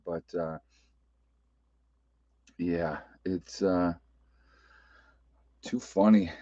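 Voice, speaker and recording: A man's voice: low voice, steady tone, extremely slow, warm tone, no room sound. A man with an Appalachian American accent hosting a casual livestream, talking loosely, laughing often and restarting his sentences. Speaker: livestream host. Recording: dull lo-fi webcam audio.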